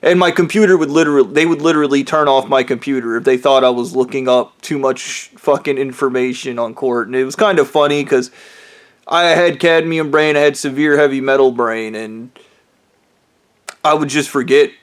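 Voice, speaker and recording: A man's voice: mid-range voice, fairly even intonation, moderate pace. A man vlogging a profane, rambling monologue in a bitter, aggrieved tone. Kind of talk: ranting monologue.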